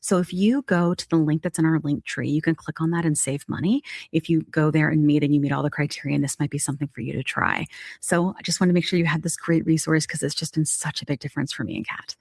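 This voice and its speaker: A woman co-host doing a quick, informal sponsor read. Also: low-pitched, fairly even intonation, darkish tone, no room sound, clean studio sound. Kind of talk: podcast ad read and chat.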